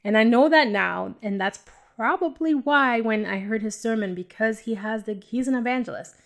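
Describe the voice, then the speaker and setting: A woman's voice: on the high side, normal speed, creaky. A woman hosting a podcast, telling her personal faith testimony in an emotional, rambling way and talking straight to her listeners, sometimes dropping to a whisper. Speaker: podcast host. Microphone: audio-only home recording.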